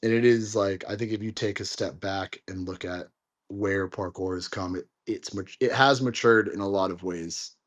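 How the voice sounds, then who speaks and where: A young man guest on a podcast, telling stories in a lively way with lots of filler words. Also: low-pitched, moderate pace. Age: young adult. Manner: storytelling, animated, many fillers like "like". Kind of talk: casual conversation.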